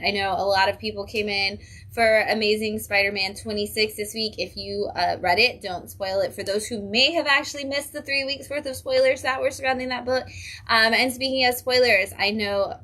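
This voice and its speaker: A woman's voice: medium pitch, fairly even intonation, fairly quick, sharp tone. A woman hosting a casual livestream from a comic book shop. She is chatty and upbeat and drops in frequent ums.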